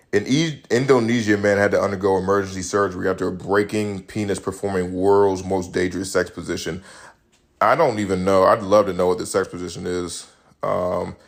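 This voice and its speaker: A young man hosts a casual solo podcast with a fairly low-pitched voice. He talks loosely and profanely, breaking into animated storytelling and laughter. His tone is informal and conversational. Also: vocal fry. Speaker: podcast host.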